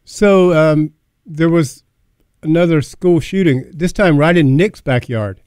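A man's voice: a little high, slow pace, a little mellow, clear, resonant tone, no echo. Resonant male talk host, dry teasing banter, close dry mic. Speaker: radio host. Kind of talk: casual talk radio chat.

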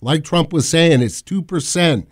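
A man's voice: fairly high pitch, measured pace. A man on a podcast recounting a news story in casual, run-on talk. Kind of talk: casual chat.

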